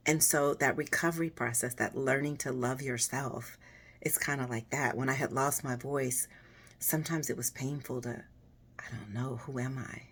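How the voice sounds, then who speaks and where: Husky, raspy-voiced woman chatting casually. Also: extremely low pitch, steady tone. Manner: warm, personal, unhurried with fillers. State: hoarse after voice surgery. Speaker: vlogger. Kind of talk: casual encouraging talk to viewers.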